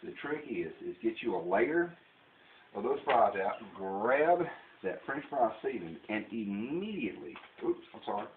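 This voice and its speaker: A man's voice: fairly low pitch, big pitch swings, unhurried. A man with a Southern US accent, rambling and joking while he shows home cooking on his own channel. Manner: folksy, rambling, jokey. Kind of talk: casual kitchen demonstration. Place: home kitchen. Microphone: camera mic. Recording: tinny, echoey kitchen, faint noise.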